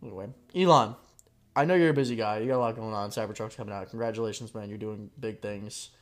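A man hosting a podcast from a home basement, chatting casually with a rambling deadpan humor and frequent swearing. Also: on the low side, quick pace. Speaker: podcast host. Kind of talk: casual comedic chat.

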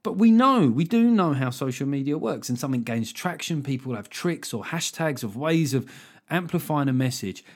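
A man's voice: mid-range voice, animated, moderate pace. Sardonic rambling man chatting on a podcast. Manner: sardonic, swearing, rambling asides. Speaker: podcast host. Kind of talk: casual solo political chat.

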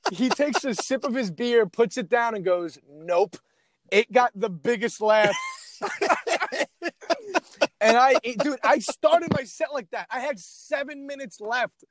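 A man's voice: very high voice, takes it slowly, long pauses. A stand-up comedian, a man, telling crude stories in casual chat and teasing his friend with lots of swearing.

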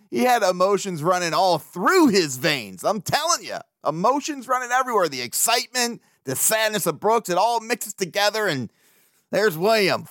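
A man rambles through his solo sports podcast, swearing freely and laughing as he goes. His voice sits a little high for a man and the sound is dry and close. He talks loosely and animatedly. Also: moderate pace, no room sound. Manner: profane, animated, laughs often. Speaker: podcast host. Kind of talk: casual solo podcast talk.

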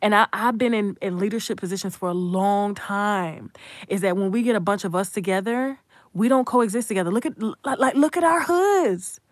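A woman giving heated, profane live commentary, hammering points with repetition and shifting between hushed asides and loud outbursts. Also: fairly quick, no echo, studio quality. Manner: rises into high, loud outbursts; drops to hushed, whispered asides.

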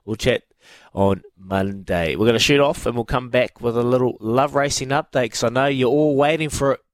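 A man's voice: medium pitch, normal speed, no echo. A man with a New Zealand accent hosting a radio sports quiz, bantering and teasing callers. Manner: cheeky, teasing, laughs often.

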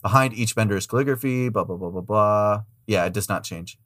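Brief: young male trivia host, relaxed, laughs a lot, dry recording. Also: fairly low pitch, a little fast, dry recording. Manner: reads questions aloud, laughs easily. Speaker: quiz host. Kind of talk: casual podcast chat.

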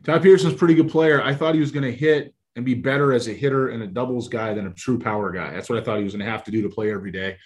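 A man's voice: mid-range voice, racing, few pauses. A man, a former baseball scout, telling stories in casual chat and acting out the voices of people he talked to. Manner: animated storyteller acting out phone calls. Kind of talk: casual storytelling.

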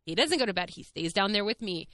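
A woman's voice: medium pitch, expressive, fast talker, fairly bright tone. A young woman, candidly telling her own story on her podcast in a chatty, swearing, filler-heavy way. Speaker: podcast host. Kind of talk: casual monologue.

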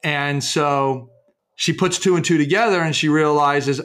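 Halting man recounting cases as a guest. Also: mid-range voice, steady tone, fairly bright tone. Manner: halting, many restarts and fillers, acts out quoted speech. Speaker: author and researcher, guest. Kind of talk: interview, telling case stories.

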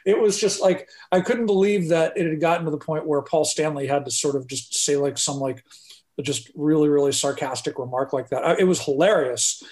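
Man, casual podcast co-host, hesitant with fillers, voice a bit high. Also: brisk, darkish tone. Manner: hesitant, many fillers and restarts. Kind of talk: casual chat.

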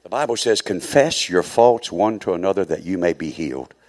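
A man's voice: sits low, animated, fairly quick, darkish tone. Preaching church elder, man. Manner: addresses the congregation directly, repeats phrases for emphasis. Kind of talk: sermon.

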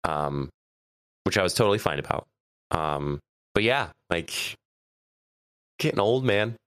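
Stuffy podcast guy, lowish voice, real lively ups and downs, laughs a lot. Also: a little slow, clean tone, no echo, clean studio sound. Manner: chatty, laughs often, animated storytelling. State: stuffy nose. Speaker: podcast co-host. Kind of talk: casual chat.

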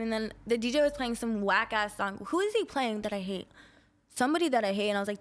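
A young woman casually telling a crude, animated story in a chat and acting out the other people in it. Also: on the high side, quick pace. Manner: animated, crude, acts out quoted voices.

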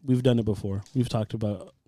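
Podcast co-host: young man, blunt teaser, warm mellow voice. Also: lowish voice, fairly even intonation. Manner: teasing, blunt, quick to laugh. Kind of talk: casual crude banter.

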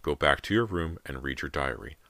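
A man voicing a ghostly double of a girl, giving terse, hushed orders in an audiobook. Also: a bass voice, lively intonation, fairly quick, dry recording, full character voice. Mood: eerie.

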